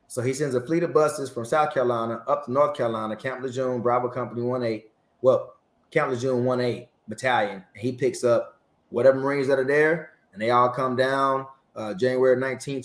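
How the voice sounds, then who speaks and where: A man in his forties, a Marine veteran guest, telling a story in an interview and acting out the dialogue. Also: mid-range voice. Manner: lively storyteller who acts out dialogue. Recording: roomy echo.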